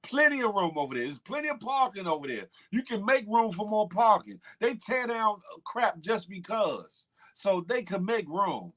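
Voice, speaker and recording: A man's voice: sits high, lively intonation, normal speed, hardly any pauses, fairly bright tone. A man hosting a casual morning livestream, talking back to chat and repeating himself for emphasis. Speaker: morning show host reading live chat.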